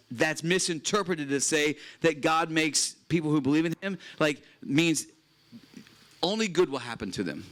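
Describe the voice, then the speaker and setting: A man's voice: fairly high pitch, animated, moderate pace, fairly bright tone. Earnest man preaching a sermon. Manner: earnest, emphatic preaching with repeated phrases. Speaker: pastor. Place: chapel at a retreat.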